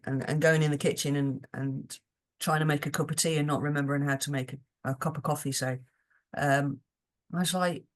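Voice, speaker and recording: A British woman, a podcast guest, chatting casually in a rambling, earnest way with many restarts. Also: low voice. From United Kingdom.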